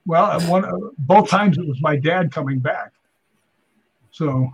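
A middle-aged man, a stuntman and paranormal investigator, telling animated stories in casual chat and acting out voices. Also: on the high side, measured pace, slightly rough, dull audio.

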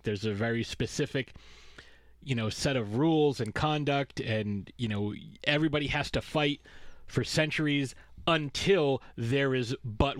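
A man's voice: medium pitch, dry recording, clean studio sound. A man co-hosting a podcast in casual chat, rambling and sarcastic, swearing freely as he recaps a film series. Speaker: podcast co-host.

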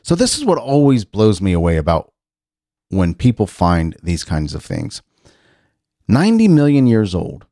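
A man's voice: lowish voice, huge pitch swings, moderate pace, dark tone, no echo, clean studio sound. A middle-aged man hosting a casual chat show, musing aloud and rambling with frequent restarts as he reads out news items. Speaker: talk show host. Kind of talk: casual radio-style chat.

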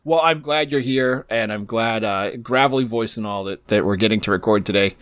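A man's voice: on the low side, brisk, a bit bright, clear, resonant tone, no echo, studio quality. A man hosting a comedy podcast, chatting casually in a jokey style with playful exaggeration. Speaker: podcast host.

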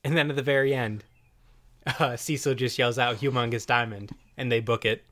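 A man's voice: mid-range voice, steady tone, moderate pace, fairly bright tone. A man hosting a podcast in casual chat, joking around and laughing often. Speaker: podcast host.

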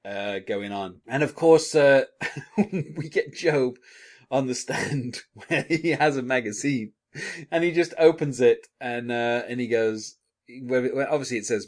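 A man's voice: mid-range voice, measured pace. A man hosting a podcast, chatting enthusiastically about a TV episode, with frequent chuckles and fillers. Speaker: podcast host. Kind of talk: casual TV episode discussion.

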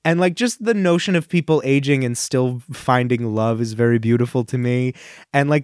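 A man's voice: medium pitch, a little mellow, no room sound. A male podcast co-host speaks in an everyday mid-range voice, close and dry. He rambles and gushes with many fillers, sounding tearful and choked up. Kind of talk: casual chat.

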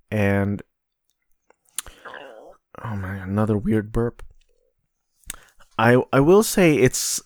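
A man's voice: on the low side, darkish tone, dry recording, studio quality. A man hosting his own podcast, talking alone in a casual, rambling way, profane and sardonic. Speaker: podcast host. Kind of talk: casual solo monologue.

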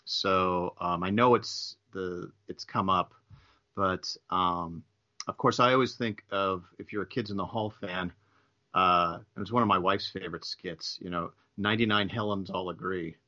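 A man with a low, tense and forceful voice guests on a casual podcast. He speaks haltingly and keeps searching for the right word. The sound is dull and lo-fi. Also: steady tone.

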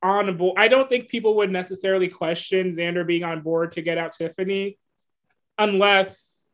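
A man's voice: sits high, fairly even intonation, normal speed, a bit bright. A man co-hosting a podcast, chatting casually, rambling and hedging with many fillers as he talks things through. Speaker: podcast co-host. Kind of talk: casual recap chat.

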